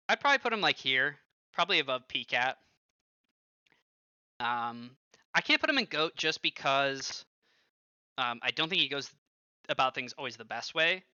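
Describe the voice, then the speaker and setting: Bright-voiced young man telling stories. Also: mid-range voice, smooth, no echo. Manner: animated storytelling, heavy use of filler like and swearing. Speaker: streamer and former pro gamer. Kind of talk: casual stream commentary. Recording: dull lo-fi, dry close sound.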